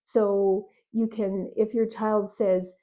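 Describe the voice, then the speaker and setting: A woman's voice: mid-range voice, level tone, slow pace, mellow, muffled recording. A woman speaking as a speech pathologist, giving parents a friendly, plain-spoken explanation to camera. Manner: friendly, plain-spoken, with playful mock confusion in examples. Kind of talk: informal educational talk to camera.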